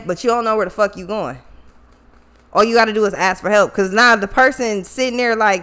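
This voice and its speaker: A woman with features talks through a tarot reading in a loose, casual way. She is blunt, swears freely and circles back to repeat her point. Her voice sits at an ordinary middle pitch. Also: quick pace, a bit bright. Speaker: tarot reader.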